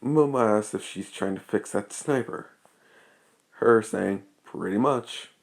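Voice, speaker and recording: A man's voice: fairly low pitch, measured pace, vocal fry. A man improvising a fan story as narrator, rambling with many restarts.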